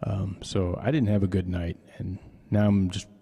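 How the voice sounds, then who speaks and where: A deep, dark-toned man chats loosely on his live stream, wandering from thought to thought and joking as he goes. He keeps adding a playful "eh" to his lines. His voice trails off into a long reverb. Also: little pitch movement, normal speed, slightly rough. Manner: rambling, jokey, tacks on a mock-Canadian "eh". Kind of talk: casual live stream chat. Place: home studio.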